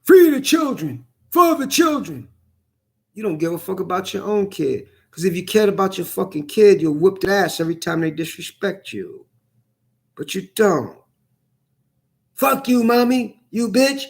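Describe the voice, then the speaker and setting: Brief: high-pitched man, angry profane vlog rant, repetitive and heated. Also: very animated, moderate pace, darkish tone. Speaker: vlogger. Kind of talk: angry ranting monologue.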